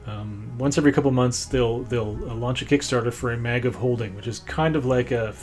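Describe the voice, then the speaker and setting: A man's voice: mid-range voice, fairly quick, darkish tone, soft background music. A man running a tabletop game as game master, rambling and stopping often to find his words. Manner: rambling, many fillers and restarts.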